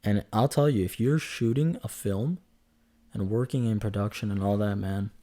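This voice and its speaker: A man in his twenties hosts a casual solo podcast in a lowish, warm voice at a normal speed. He rambles and chats, cracking jokes along the way and correcting himself as he goes.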